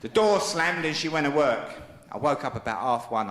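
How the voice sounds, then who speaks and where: High-voiced comic on stage. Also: male voice, expressive, normal speed, hardly any pauses, background noise. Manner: conversational storytelling, acts out voices. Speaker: stand-up comedian. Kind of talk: stand-up routine. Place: large comedy venue. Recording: echoey live venue with loud crowd.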